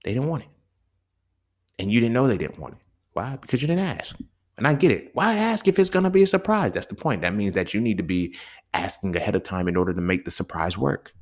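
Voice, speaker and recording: A young man telling a casual, profane story as a podcast host, often asking "you feel me?" and swinging between low mutters and sudden high exclaims.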